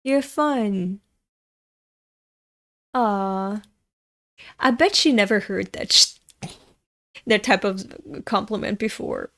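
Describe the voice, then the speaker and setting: Expressive, creaky, pushed and bright, this medium-pitched woman's voice runs a little slow with long pauses. She's a European host of a manga read-along, chatting casually with viewers, rambling into tangents and swearing freely.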